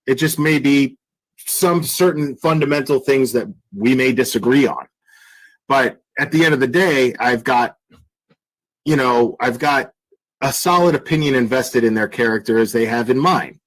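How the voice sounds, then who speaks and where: A man's voice: medium pitch, normal speed, low-quality recording. A man hosting a casual livestream commentary, talking bluntly and crudely with lots of fillers and restarts. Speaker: commentary channel host.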